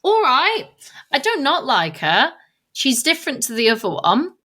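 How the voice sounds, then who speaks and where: A woman's voice: high-pitched, wildly swooping pitch, a little slow, bright, forceful tone, slightly rough. A woman co-hosting a podcast in casual chat, thinking aloud with lots of fillers and restarts. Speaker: podcast co-host.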